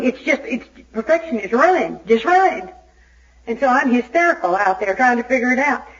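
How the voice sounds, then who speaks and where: A woman from Arkansas gives a recovery meeting talk as an Al-Anon speaker, telling her story in an animated, self-mocking way. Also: a little high. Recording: dull lo-fi tape recording.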